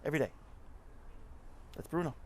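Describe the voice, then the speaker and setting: A man's voice: moderate pace, slight background noise. A man guest in an interview, telling stories in an earnest, conversational way and often repeating words as he talks. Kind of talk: conversational storytelling.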